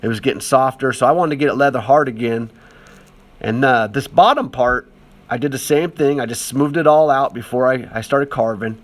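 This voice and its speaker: A man's voice: mid-range voice, fairly quick. A man talking casually over a demonstration as an art teacher, chatty and encouraging, with lots of fillers.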